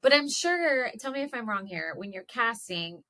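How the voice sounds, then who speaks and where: A woman's voice: a little high, expressive, moderate pace, pushed and bright. A woman co-hosting a podcast, reacting with playful interjections in casual chat. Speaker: podcast co-host.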